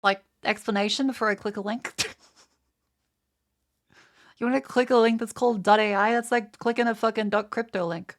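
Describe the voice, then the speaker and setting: A woman's voice: fairly high pitch, fairly even intonation, moderate pace, pauses often. Casual swearing Australian woman streamer. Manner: chatty, swears freely. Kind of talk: casual livestream chat.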